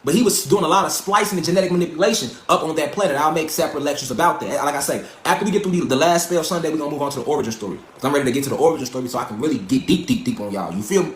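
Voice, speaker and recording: A man's voice: fairly high pitch, racing, few pauses. A middle-aged man delivering a profane, emphatic conspiracy lecture, preaching directly to his listeners. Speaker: online lecturer. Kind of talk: fringe conspiracy monologue. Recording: echoey room.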